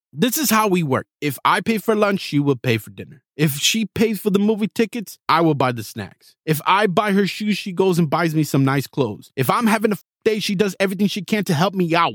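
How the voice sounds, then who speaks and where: Impassioned man ranting with big pitch swings. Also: fairly bright tone, dry recording, studio quality. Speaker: podcast host. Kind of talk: opinionated monologue.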